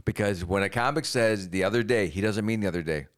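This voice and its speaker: Low-voiced man riffing on a podcast. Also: fast. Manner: rambling, pitching absurd schemes with laughs. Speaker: podcast co-host. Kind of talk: casual comedy podcast chat.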